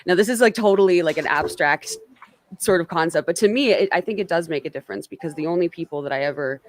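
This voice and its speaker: A woman's voice: lowish voice, fast talker. A woman hosting a casual political panel on a stream, chatty and self-qualifying, often restarting her sentences. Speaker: stream host.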